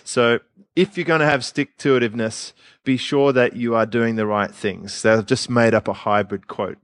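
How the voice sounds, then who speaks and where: A man co-hosting a podcast in casual, blunt chat, laughing often and trailing off into quiet asides. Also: mid-range voice, steady tone, moderate pace, dry recording, studio quality. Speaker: podcast co-host.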